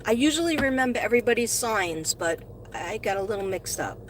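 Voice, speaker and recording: An astrology reader and live-stream host, she's a middle-aged woman broadcasting casually from her car through her phone. Her pitch is medium and her delivery lively and slightly quick, with a little noise in the background. She rambles chattily to her audience and gushes whenever she thanks someone.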